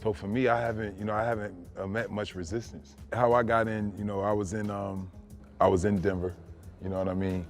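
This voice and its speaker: A man from New Jersey, a former NBA player, telling a story in casual, animated talk, often saying "you know what I'm saying". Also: lowish voice, a little fast, faint music behind.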